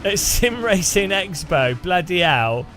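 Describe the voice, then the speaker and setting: A man's voice: high-pitched, big pitch swings, slow pace, a bit bright, a little hiss or hum. A British man streaming a sim race, chatting with his viewers in a joking tone and laughing often. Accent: British English. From Britain. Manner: joking, laughs often, greets chat by name. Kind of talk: casual live-stream chat while sim racing.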